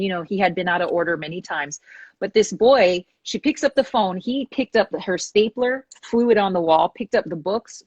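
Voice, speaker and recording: A woman hosting a talk show, telling a story with lively acted-out quotes. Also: medium pitch, dry recording. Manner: animated storyteller acting out quoted voices. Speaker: host.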